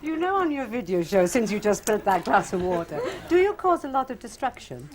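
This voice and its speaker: A woman's voice: on the high side, sing-song, fairly quick, crowd noise. A woman hosting a chat show, asking questions in a playful, teasing way. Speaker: talk show host.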